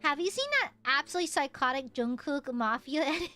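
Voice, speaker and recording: A woman's voice: high-pitched, a little fast, sharp tone. A young woman streamer chatting casually with her viewers, playful and chatty, often breaking into giggles and squeals. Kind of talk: casual chat with a live stream chat.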